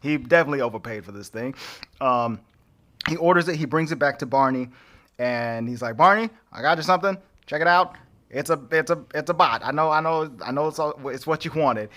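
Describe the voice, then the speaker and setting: A man's voice: on the high side, a little fast, pushed and bright. A man co-hosting a podcast, casually recapping a movie and acting out the characters with laughs. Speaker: podcast co-host.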